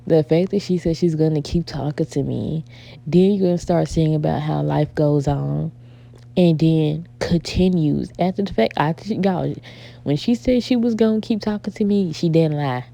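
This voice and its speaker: A young woman chats straight to her viewers, spinning an exasperated storytime while she works on a craft. Her voice sits low and carries a gravelly fry. The tone is dark and mellow. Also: normal speed. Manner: animated, exasperated storytelling, addresses viewers as y'all. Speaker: vlogger. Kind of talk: casual storytime chat.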